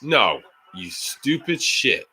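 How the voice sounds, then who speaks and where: A man calls a live football game for his stream, swinging from steady play-by-play into exasperated, profane rants about the coaching. His voice is bright and forward, and he talks at an unhurried, drawn-out pace. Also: mid-range voice, husky. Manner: frustrated, swearing fan rants. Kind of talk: live game reaction and commentary.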